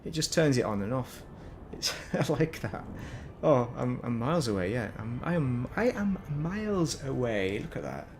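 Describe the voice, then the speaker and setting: A man's voice: mid-range voice, very animated, moderate pace, few pauses, a little mellow, a little hiss or hum. A man with a Northern English accent, chatting casually while commentating his gameplay stream and wandering into rambling, self-mocking asides. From Northern England. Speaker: gaming streamer.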